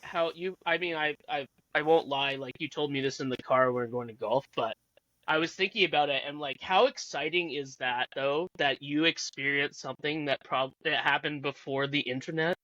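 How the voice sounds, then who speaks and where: Male podcast co-host, bright and higher-pitched, chatty, dry dull mic. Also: moderate pace, dry recording. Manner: chatty, laughs along. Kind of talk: casual chat.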